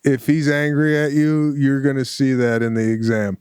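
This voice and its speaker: A man co-hosting a podcast in casual chat, speaking slowly and dryly. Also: mid-range voice, little pitch movement, darkish tone, smooth, dry recording, clean studio sound. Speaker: podcast co-host.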